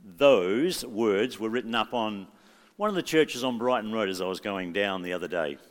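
A man's voice: fairly low pitch, expressive, normal speed. A man leading a church congregation in song, giving jokey, chatty instructions between hymns. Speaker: worship leader. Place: large church hall. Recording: echoey church hall with faint music.

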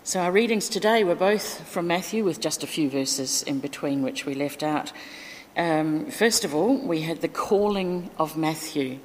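Low-voiced woman preaching in a reverberant church. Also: measured pace, slight background noise. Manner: chatty, informal, with fillers and asides. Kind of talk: sermon.

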